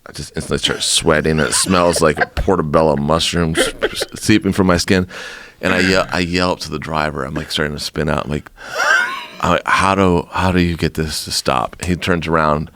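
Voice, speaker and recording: Deep-voiced male guest, lively anecdote, laughs often, curses freely. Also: normal speed, a little hiss or hum. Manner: animated, laughing, swearing, acts out quotes. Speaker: podcast guest, musician. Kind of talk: casual storytelling.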